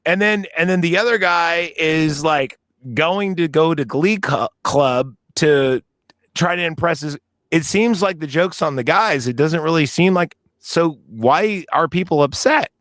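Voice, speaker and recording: A man's voice: on the high side, measured pace, fairly bright tone, no room sound. A man co-hosting a casual movie-review podcast, telling long anecdotes that drift into tangents. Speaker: podcast co-host.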